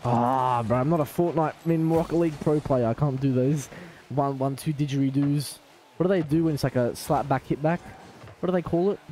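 Excitable Australian streamer guy, mellow tone. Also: fairly high pitch, brisk, slight background noise. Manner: excitable, joking trash talk with chat. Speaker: game streamer. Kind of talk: live gaming commentary.

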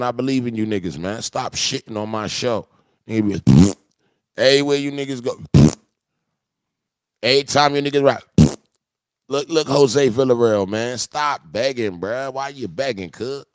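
A man hosting a live music review stream, joking with his chat in loose, profane banter, breaking into loud mock voices. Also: mid-range voice, no echo, clean studio sound.

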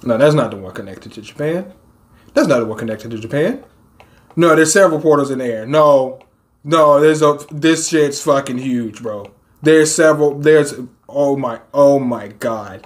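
A man hosting a manga reaction show, talking casually and excitably, swearing freely and breaking into shouted exclamations. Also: medium pitch, normal speed.

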